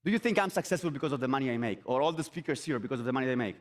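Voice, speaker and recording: A man giving an energetic motivational talk on an event stage. He repeats his phrases and asks the audience rhetorical questions. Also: medium pitch, rapid-fire. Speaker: motivational speaker.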